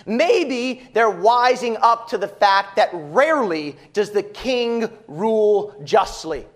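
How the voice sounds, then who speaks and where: Male preacher, high and animated, building a sermon through emphatic repeated phrases. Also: slow. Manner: emphatic preaching with rhetorical repetition. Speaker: pastor.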